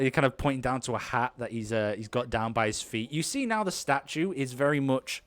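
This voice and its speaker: A man's voice: medium pitch, a little fast, hardly any pauses, no echo. A man narrating as game master of an improvised tabletop game, rambling with many restarts. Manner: rambling, lots of fillers and restarts.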